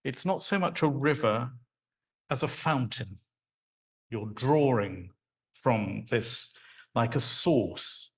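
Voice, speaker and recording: A man lecturing live to an audience, at an ordinary pitch for a man. He keeps things conversational and animated, acting out rhythms and sounds as he goes. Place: lecture hall.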